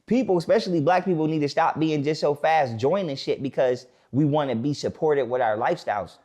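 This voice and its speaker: A man talking bluntly in a casual podcast conversation. He swears freely and slows down to repeat his main points. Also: fairly high pitch, a little mellow. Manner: blunt, profane, stops to repeat key points slowly. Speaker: podcast guest.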